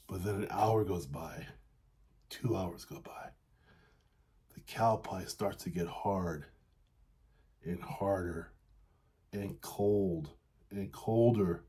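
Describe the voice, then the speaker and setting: A male relationship coach with a low, husky voice tells a story and talks through coaching in a casual, conversational way. His tone is warm and mellow, and he often checks in with listeners. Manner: casual, repeats "right?", laughs lightly.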